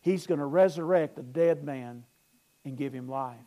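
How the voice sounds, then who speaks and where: A man preaching a sermon as pastor, earnest, swelling loud and then dropping low, often repeating and restarting his phrases. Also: normal speed.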